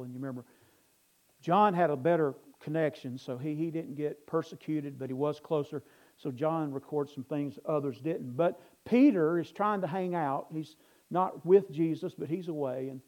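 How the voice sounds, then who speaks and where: A man's voice: on the high side, dark tone, poor audio. A male pastor preaching a sermon earnestly, building to emphatic bursts and restarting words as he goes.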